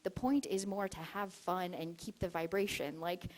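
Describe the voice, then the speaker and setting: A woman's voice: on the low side, normal speed. Chatty, giggly woman telling stories. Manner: chatty, giggly, peppers speech with "like"; animated, acts out quoted exchanges. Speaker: expo speaker on spiritual dowsing. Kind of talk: casual storytelling talk to an audience.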